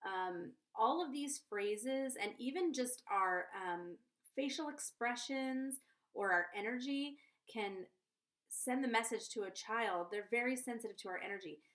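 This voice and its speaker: A woman's voice: a little high, expressive, a little slow, a bit bright. A woman giving parenting advice in a casual vlog, chatty and earnest, often checking in with the viewer. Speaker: conscious parenting coach.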